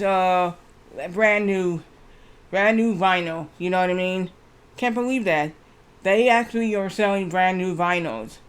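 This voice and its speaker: A man streaming live, chatting casually and reading aloud haltingly with lots of fillers. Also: sits high, clear, resonant tone. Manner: rambling, reads aloud haltingly with many fillers.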